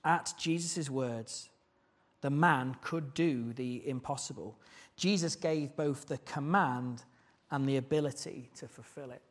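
A man's voice: mid-range voice, a little slow. A man preaching a sermon, earnest and putting questions to the congregation.

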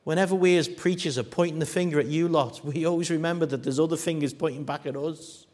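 A man preaching a sermon, dropping to hushed tones and rising to loud, acted-out quotes. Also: on the high side, fast. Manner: dramatic shifts from hushed to loud, acting out quoted voices.

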